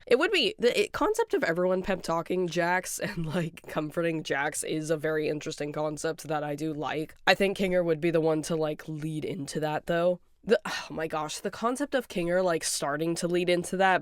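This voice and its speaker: A fan rambling casually about a cartoon, excitable and giggly, often breaking into laughter. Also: mid-range voice, moderate pace, hardly any pauses, clean tone, no room sound, clean studio sound. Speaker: fan commentator.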